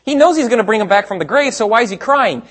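Preaching fast in a high, animated voice, a pastor keeps his sermon conversational. He throws out rhetorical questions and alternates hushed side remarks with strong, emphatic points.

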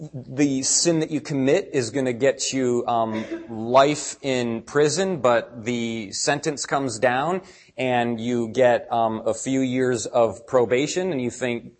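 A man preaching a conversational sermon, animated, acting out quoted voices as he reads scripture. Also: medium pitch, a little slow. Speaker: pastor.

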